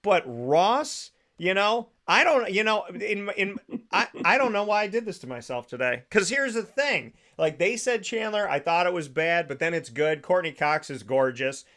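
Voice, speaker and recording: A man hosting a casual podcast, telling a story in a lively, animated way and laughing as he goes. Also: high voice, moderate pace. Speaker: podcast host. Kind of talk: casual chat.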